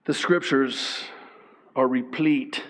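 Animated, self-deprecating male pastor. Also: medium pitch, slow. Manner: animated, self-deprecating, laughs often, acts out voices. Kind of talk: sermon.

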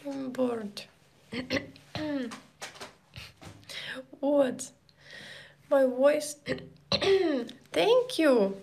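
A high-pitched young woman streaming live, speaking very slowly. She chats casually with her viewers in simple, non-native English, greeting them one by one. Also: animated, creaky, a little mellow.

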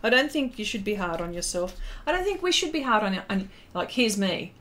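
A woman's voice: medium pitch, big pitch swings, brisk, a bit bright. Australian woman, middle-aged, casual art livestream chat, chatty and emotional, lots of ums and restarts. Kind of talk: casual chat while painting, reading out chat comments.

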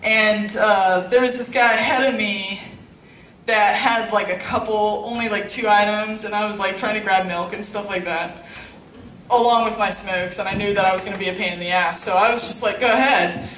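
A woman's voice: medium pitch, fairly even intonation, normal speed, fairly bright tone, distant mic, a little hiss or hum. A young woman performing a casual, profane stand-up set in a small club, with laughing asides. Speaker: stand-up comic. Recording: echoey club room, faint ambience.

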